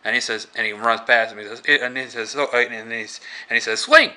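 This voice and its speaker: Halting man with a sharp voice. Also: medium pitch, level tone. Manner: rambling, halting, many filler words. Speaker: movie reviewer. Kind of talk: casual movie recap.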